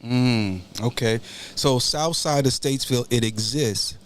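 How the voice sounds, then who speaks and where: A man's voice: mid-range voice, a little slow. A man hosts a call-in show in a folksy, preachy way. He loops back on his words and talks like a pastor at a pulpit. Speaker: talk show host and pastor. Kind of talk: casual call-in show hosting.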